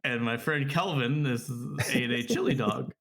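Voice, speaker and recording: A man's voice: mid-range voice, normal speed, a loud crowd. A man co-hosting a casual podcast, telling a story, laughing and acting out his friends' lines. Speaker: podcast co-host.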